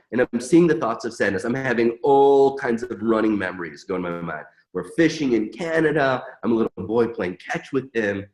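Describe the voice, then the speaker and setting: A middle-aged man earnestly demonstrating an emotional technique as a webinar presenter, repeating mantras with feeling. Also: mid-range voice.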